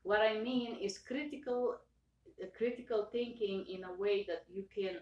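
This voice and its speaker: A woman speaking English with an accent, earnestly thanking her viewers, halting and emotional with many restarts. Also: medium pitch, dull audio. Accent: non-native English accent. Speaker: channel owner. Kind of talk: personal thank-you talk to viewers. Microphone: own camera. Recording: roomy echo, voice far from mic.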